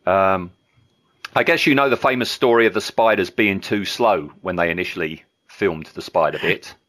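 A man hosting a casual film podcast, chatty and relaxed, with frequent ums and chuckles. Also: deep voice, moderate pace. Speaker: podcast host.

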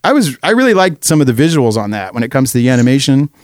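A man co-hosting a casual podcast chat, animated and acting out movie moments as he talks. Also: mid-range voice, fast, no echo, clean studio sound. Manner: animated, acts out movie scenes with voices. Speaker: podcast co-host.

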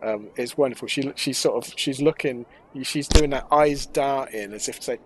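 A man's voice: medium pitch, moderate pace, noisy background. A man co-hosting a casual podcast, making jokey, teasing asides about a TV episode. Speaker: podcast co-host.

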